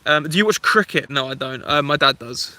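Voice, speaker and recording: A man's voice: medium pitch, lively intonation, fairly quick, bright, forceful tone. A young man, chatting casually on a camping livestream and answering viewers' comments in a laid-back way, calling them mate and bro. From England. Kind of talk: casual live-stream chat reading comments.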